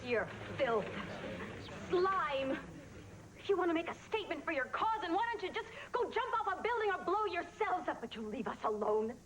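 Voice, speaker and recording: A woman's voice: on the high side, animated, slow pace, background noise. An actress playing a fierce, protective mother who talks her child through a crisis on the phone, then turns on her captors. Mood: furious. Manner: soothing on the phone, then furious and scolding. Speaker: waitress held hostage. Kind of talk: 1980s sitcom acting.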